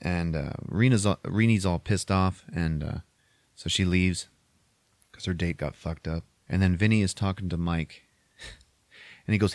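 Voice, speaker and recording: A man with a low-pitched voice recaps a film on his podcast, swearing constantly and lively as he acts out bits of each scene. His voice is close and dry, with no room sound around it. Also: unhurried, long pauses, no room sound. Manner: profane, animated retelling with put-on character voices. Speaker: podcast host. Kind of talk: casual movie recap.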